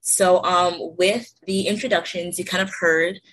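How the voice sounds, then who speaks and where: A woman's voice: on the low side, steady tone, unhurried, fairly bright tone, rough recording. A woman in her twenties from Delaware, moderating a student podcast in a casual, lightly scripted way. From Delaware, USA. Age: 20s.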